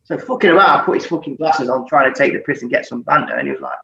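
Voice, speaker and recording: A man's voice: mid-range voice, racing, gravelly, few pauses. Sweary man telling stories. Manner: sweary, laughing, animated storyteller. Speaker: former footballer guest. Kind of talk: casual storytelling chat. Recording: echoey, distant, dull audio with faint noise.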